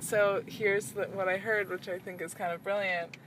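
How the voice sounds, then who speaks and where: A woman's voice: mid-range voice, flat delivery, moderate pace, background noise. A woman hosting a casual podcast, sounding nasal from a cold, laughing often and joking with her co-host. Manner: giggly, joking. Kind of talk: casual chat.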